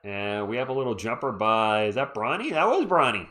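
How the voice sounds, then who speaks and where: A man's voice: on the low side, sing-song, a little fast, sharp tone. Sleepy man, live play-by-play stream, laid-back, chatty, yawning. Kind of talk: casual live sports commentary with chat shout-outs.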